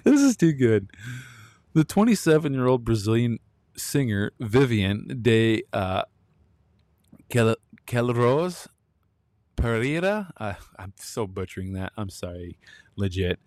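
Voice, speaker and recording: A man's voice: medium pitch, animated, slow pace, pauses often, darkish tone, no room sound. Guy in his 30s ranting on his own show, blunt, laughs a lot, dry close sound. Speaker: podcast host. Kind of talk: opinionated solo commentary.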